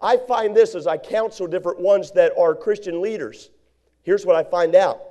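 Heard in a lo-fi recording, a male preacher gives a sermon and reads King James verses aloud. His pitch is high but his tone is mellow and warm, and he does brief impressions of those he describes.

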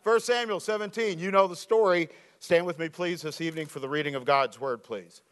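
A man's voice: fairly high pitch, fairly quick. A man preaching a sermon, telling jokey stories and reading scripture in a slightly weak voice. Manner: animated, jokey storytelling. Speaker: pastor.

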